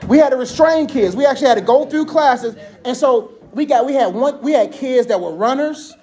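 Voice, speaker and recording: A man's voice: very high-pitched, brisk. Laughing, chatty male preacher. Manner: animated, laughing, conversational. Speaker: speaker. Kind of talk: casual sermon with storytelling.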